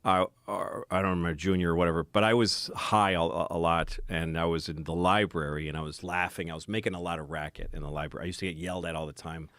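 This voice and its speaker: Low-voiced man telling a story dryly. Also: fairly even intonation, quick pace, hardly any pauses, a bit bright, no room sound, studio quality. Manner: rambling, self-deprecating, laughs through the story. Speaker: podcast guest. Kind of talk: casual storytelling chat. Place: podcast studio.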